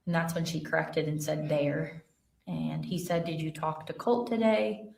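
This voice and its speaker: Low-voiced woman testifying from a distant witness stand. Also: a little slow, vocal fry. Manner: plain, steady reading with fillers. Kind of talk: courtroom testimony, reading texts aloud. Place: courtroom. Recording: roomy courtroom audio from far off.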